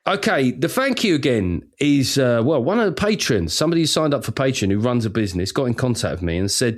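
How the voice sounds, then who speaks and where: A man's voice: medium pitch, very animated, a little fast, few pauses. A man hosting a podcast in casual comedic chat, dry and rambling, often restarting his sentences. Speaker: podcast host.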